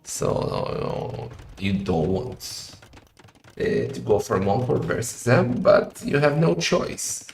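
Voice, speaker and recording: A man casting a live strategy game match in a chatty style that rises to excited shouting in fights. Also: mid-range voice, slow, gravelly, slight background noise. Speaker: game caster. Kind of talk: live esports commentary. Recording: roomy echo with faint music.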